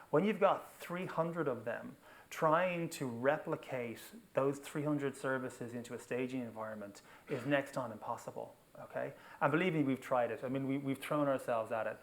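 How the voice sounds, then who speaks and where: A man giving an energetic technical talk at a conference, often checking in with the audience by asking "okay?" or "right?". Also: mid-range voice. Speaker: conference speaker. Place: conference venue.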